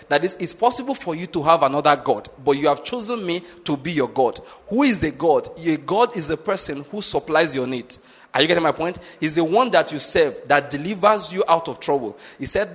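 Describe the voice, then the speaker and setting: Emphatic pastor in a reverberant hall. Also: male voice, a little high, animated, brisk, breathy edge. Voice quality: emphatic, drives points home with repeated check-in questions. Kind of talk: sermon.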